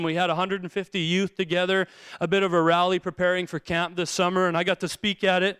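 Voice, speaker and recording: A middle-aged male pastor giving a sermon with lively storytelling, acting out the people in his stories. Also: high-pitched, clean tone, no echo, clean studio sound. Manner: storytelling, acts out quotes in bursts.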